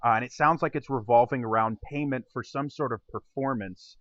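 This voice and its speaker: A man's voice: medium pitch, fairly quick, a bit bright, no room sound, muffled recording. A young man narrating a tabletop game as game master, with a rambling delivery full of fillers.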